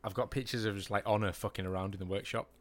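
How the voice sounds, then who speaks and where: A man co-hosting a casual podcast chat, rambling in a relaxed way and swearing casually. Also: on the low side, rapid-fire. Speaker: podcast co-host.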